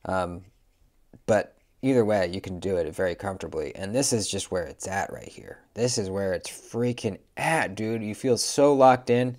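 A young man casually reviewing pocket knives, relaxed and chatty, with lots of fillers. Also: fairly low pitch, normal speed. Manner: laid-back, lots of "um" and "man". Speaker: knife reviewer.

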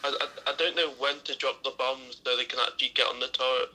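A man's voice: mid-range voice, fairly even intonation, fast, sharp tone. A man playing a game with a friend, talking casually with panicky, swearing outbursts. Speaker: co-player. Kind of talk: casual gameplay chat.

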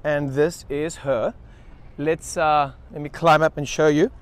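A man's voice: fairly high pitch, fairly even intonation, unhurried. Upbeat man giving a yacht tour. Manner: enthusiastic, repeats praise words; loose, many fillers and restarts. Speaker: yacht charter vlogger host. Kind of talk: casual yacht tour vlog. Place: on board a yacht.

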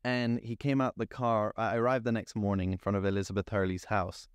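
A young man from France, telling a lively story as a podcast guest, with many fillers and restarts. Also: fairly low pitch, fairly quick, clear, resonant tone, no echo. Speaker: guest, cinematographer. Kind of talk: casual storytelling interview.

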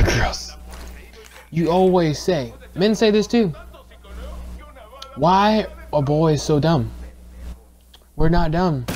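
A young man recording a casual voiceover for his gaming channel. He rambles, swears constantly, restarts his sentences and gets excitable. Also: a little high, slight background noise.

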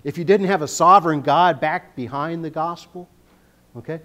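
A man giving a sermon in a church, reading scripture and explaining it in a relaxed, joking way, often checking in with the congregation. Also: fairly high pitch, moderate pace. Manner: conversational, jokey, often checks in with "okay?". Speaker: guest preacher. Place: church sanctuary.

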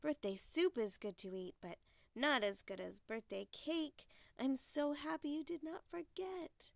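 A woman voicing an eager little male bear cub in a storybook read-aloud, with a high, sing-song manner. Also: a little slow, creaky, no room sound.

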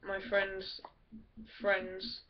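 A woman's voice: mid-range voice, completely flat delivery, extremely slow, recorded from a distance, slight background noise. A woman giving casual, rambling game commentary, crude and swearing often. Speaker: gameplay commentator. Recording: dull lo-fi from off mic, loud music behind. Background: loud music.

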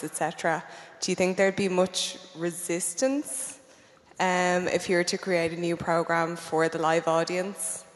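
A woman in the audience, asking a question in a hesitant way with many fillers. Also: on the low side. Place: conference hall. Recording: long hall reverb, faint noise.

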